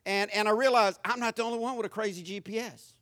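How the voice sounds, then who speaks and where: A man's voice: sits high, steady tone, fast, sharp tone. A middle-aged man with a Southern US accent, preaching a sermon as a pastor and telling humorous stories to his congregation.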